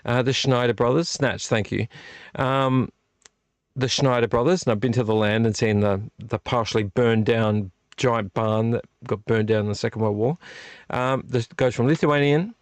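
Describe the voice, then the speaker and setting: A man's voice: mid-range voice, fairly even intonation, moderate pace, no room sound. A man hosting a late-night live stream, tipsy from drinks and rambling off on tangents while chatting to viewers. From Australia. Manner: rambling, digressive, talking to chat. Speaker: vlog host.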